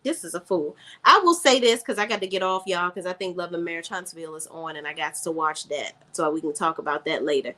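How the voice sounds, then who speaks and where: A woman's voice: lowish voice, fairly quick, few pauses, bright, forceful tone. A woman hosting a casual live stream, recapping a TV drama and chatting sassily with her viewers. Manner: chatty, sassy, reads chat aloud. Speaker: TV recap host.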